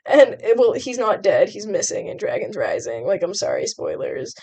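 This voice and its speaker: A young woman chatting casually with a friend, her voice at an ordinary middle pitch. She talks in a blunt, teasing way, piling on fillers and quick jokes. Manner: animated, blunt, teasing with frequent laughs. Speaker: co-host discussing a cartoon series. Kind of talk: casual chat.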